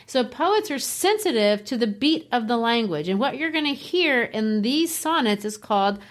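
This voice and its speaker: A woman's voice: a little high, big pitch swings, normal speed. A middle-aged woman co-hosting a literature podcast, explaining verse rhythm like a teacher and tapping out the beats. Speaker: podcast co-host. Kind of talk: casual literature discussion.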